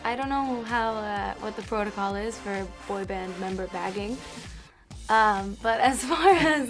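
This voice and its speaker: A young woman answering interview questions in a bubbly, giggly way, full of "like" and "um". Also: medium pitch. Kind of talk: casual interview chat.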